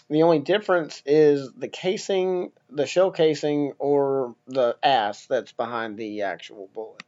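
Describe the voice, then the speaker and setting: A man's voice: medium pitch, darkish tone, lo-fi sound. A man hosting a casual solo podcast, talking bluntly and joking with frequent swearing. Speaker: podcast host.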